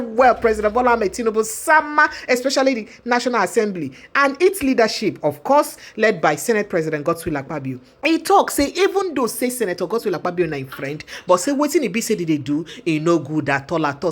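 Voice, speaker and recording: A woman speaking with a Nigerian Pidgin accent, giving dramatic political news commentary with repetition. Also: mid-range voice. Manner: dramatic, repetitive, quotes others in acted voices.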